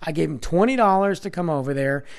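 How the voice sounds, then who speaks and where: A man doing a flustered young male buddy, his voice pushed up high as he pleads and excuses himself. The delivery jumps around in pitch, sheepish and a little panicky. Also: animated, fast, creaky. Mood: sheepish pleading.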